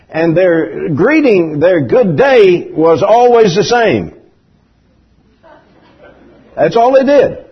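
An older man delivers a folksy sermon, his voice riding high and swinging widely in pitch. There is a husky grain to his tone. The recording sounds dull and lo-fi, like an old church tape. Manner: folksy storytelling preaching with big pitch swings. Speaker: preacher.

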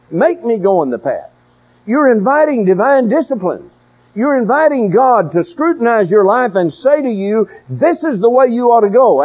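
A man's voice: high voice, muffled recording. An older man preaching a sermon in a folksy, emphatic way, with storytelling asides.

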